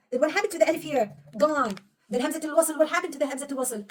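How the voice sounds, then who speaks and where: Fast-talking woman teacher quizzing a pupil. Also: high voice, distant mic. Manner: patient, quizzing and praising a young pupil. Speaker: Arabic reading teacher. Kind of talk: one-on-one reading lesson.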